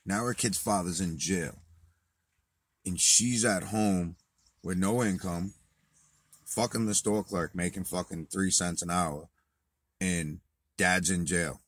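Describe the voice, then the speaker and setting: A man casually telling a profane story to camera, swinging from low muttering to loud outbursts. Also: slow, pauses often, slightly rough, no echo. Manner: profane, animated retelling, swings from muttered to shouted. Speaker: vlogger.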